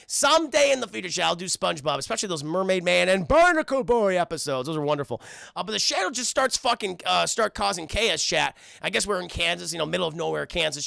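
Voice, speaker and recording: A man's voice: high voice, gravelly, pushed and bright, no room sound, studio quality. A man streaming a casual cartoon recap, swearing freely and talking to his chat. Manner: profane, keeps addressing chat.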